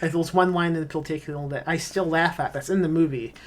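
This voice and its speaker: A man's voice: a little high, steady tone, fast, slight background noise. A man being interviewed as a screenwriter guest on a podcast, talking casually in long rambling answers full of filler words and offhand swearing.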